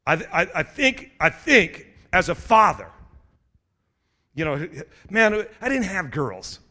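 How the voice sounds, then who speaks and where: High, bright-voiced pastor preaching. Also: male voice, big pitch swings, takes it slowly. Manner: urgent, rising to shouts of exhortation. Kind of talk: sermon.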